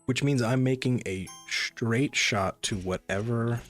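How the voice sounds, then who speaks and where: He speaks at medium pitch, unhurried and a bit bright, with soft music in the background. He's a streamer playing a cozy game, rambling chattily and talking to his viewers.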